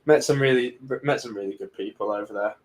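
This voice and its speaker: A man hosting a podcast, telling anecdotes in a relaxed way with frequent fillers. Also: lowish voice, quick pace. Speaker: podcast host. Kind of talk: casual podcast chat.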